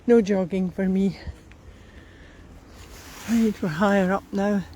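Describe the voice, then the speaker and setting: A woman with a Scottish accent chatting while out walking in a riverside park, unhurried and a little out of breath. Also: medium pitch, fairly even intonation, mellow, slight background noise, poor audio. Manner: chatty, unhurried, talks to her dogs. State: slightly out of breath. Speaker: vlogger. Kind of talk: casual walking commentary.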